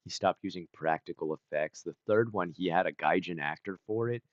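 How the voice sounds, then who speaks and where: A man chatting casually on a stream, rambling with lots of "like" and clearing his throat and coughing now and then. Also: deep voice, fairly quick, dry recording, lo-fi sound. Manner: rambling, full of "like" and self-corrections.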